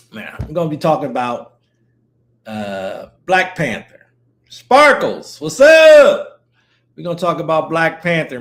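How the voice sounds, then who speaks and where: A man with a slightly higher voice than most talks loosely on a live stream. He rambles, cracks jokes and calls out to viewers by name in a relaxed, offhand way. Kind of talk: casual live-stream chat. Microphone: streaming setup mic.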